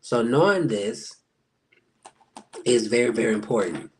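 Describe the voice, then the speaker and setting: A chatty man in a casual live-stream astrology talk. He answers viewers by name and acts out the reactions he quotes. His voice sits at an ordinary middle pitch. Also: expressive, unhurried. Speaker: spiritual life coach.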